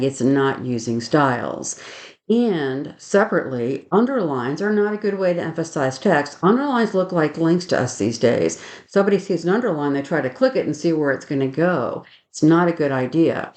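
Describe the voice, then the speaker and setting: A woman teaching a software webinar, methodically explaining each click aloud and adding firm opinions on good practice. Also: low-pitched. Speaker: software trainer. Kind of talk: screen-share webinar demonstration.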